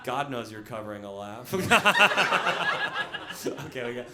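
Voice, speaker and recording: A man's voice: medium pitch, very animated, slow. A man performing a brash stand-up comedy set on a brewery stage, laughing at his own jokes. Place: brewery stage before a live audience. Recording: live room with audience noise. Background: audience laughter.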